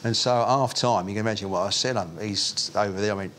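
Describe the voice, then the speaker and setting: A man's voice: on the low side, quick pace, a bit bright, slight background noise. A man telling a jokey dressing-room story in an interview. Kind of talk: retrospective interview.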